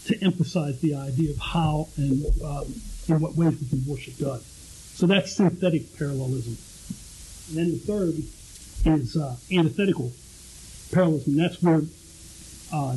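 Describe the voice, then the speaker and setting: A man's voice: on the high side, warm tone, slight background noise, poor audio. A male pastor giving a conversational teaching sermon, often restarting and repeating words as he explains.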